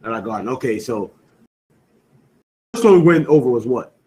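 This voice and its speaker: A man's voice: medium pitch, animated, a little fast, darkish tone, slight background noise, rough recording. A man teaching a scripture class, firing questions back at his students and stressing key words in a call-and-response style. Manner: quizzing students with repeated questions, emphatic; peppers talk with "you know what I'm saying".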